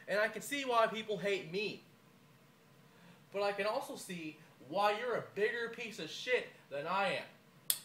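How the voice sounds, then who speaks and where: A man's voice: high voice, bright, forceful tone, slightly rough. A young man with a cold delivering a scornful, rambling trash-talk promo. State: has a cold.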